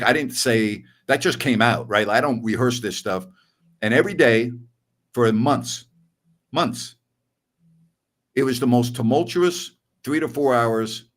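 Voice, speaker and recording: A middle-aged man and sports radio host telling a story in casual podcast chat, animated and acting out voices. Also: medium pitch, unhurried.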